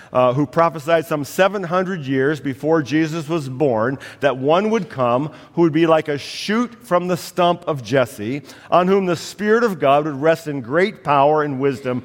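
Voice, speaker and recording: A man preaching a sermon as a pastor, telling a family story with humor and a slight cough. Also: on the high side. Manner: storytelling with humor, acting out voices in a family anecdote. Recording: long hall reverb.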